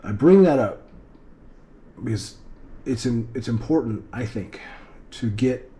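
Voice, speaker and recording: A man's voice: mid-range voice, animated, unhurried, dark tone, slight background noise. A middle-aged man, an airline pilot, talking earnestly and reflectively to his daughters in a loosely rambling vlog monologue.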